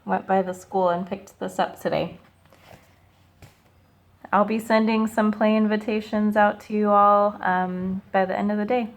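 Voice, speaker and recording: A woman teacher reading a picture book aloud to children, slow and expressive, stopping to ask them questions. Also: medium pitch.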